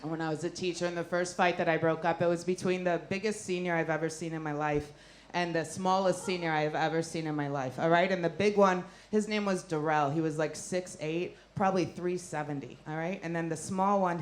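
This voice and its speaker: A woman's voice: low-pitched, steady tone, a little fast. A woman doing stand-up comedy, telling a story in a brash, profane way and laughing through her lines on stage in a noisy club.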